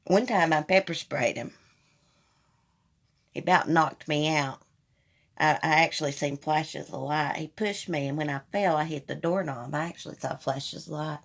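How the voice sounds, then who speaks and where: Woman, low voice, gravelly, candid storytelling, live chat host. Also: moderate pace. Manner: candid, storytelling, addresses viewers as y'all. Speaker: livestream host. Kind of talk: casual live chat with viewers. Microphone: phone.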